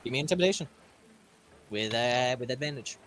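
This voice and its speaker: A man's voice: mid-range voice, expressive, fairly quick, a bit bright, a little hiss or hum. A man running a tabletop game as game master, casual and laughing, with frequent swearing.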